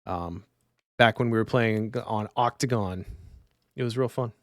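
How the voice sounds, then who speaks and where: A man's voice: lowish voice, unhurried, dry recording, clean studio sound. A man streaming a solo card game, reading rules under his breath and chatting with viewers. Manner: mutters rules half to himself, chats with viewers. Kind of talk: casual live-stream commentary.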